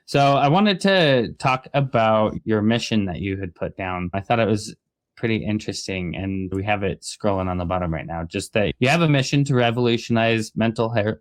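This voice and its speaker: A man hosts a casual interview show, nodding along and affirming his guest before he poses long questions. His voice is low. The sound is dry and close. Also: no echo. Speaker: podcast host.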